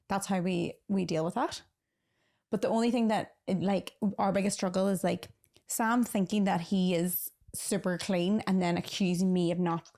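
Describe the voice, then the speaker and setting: A young woman hosting a casual podcast chat with her boyfriend, talking in a teasing, animated way. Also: lowish voice, moderate pace, vocal fry. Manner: chatty, teasing, animated storytelling. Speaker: podcast host.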